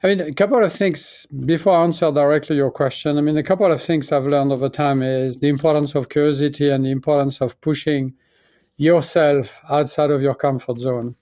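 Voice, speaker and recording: A man in his sixties with a French accent tells his story in a reflective, halting way, stopping and restarting his sentences. His voice sits a little high for a man. The sound is close and dry, with no room around it. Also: fairly even intonation, dark tone, no room sound. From France. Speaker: guest, pharmaceutical chief executive. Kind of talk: conversational interview.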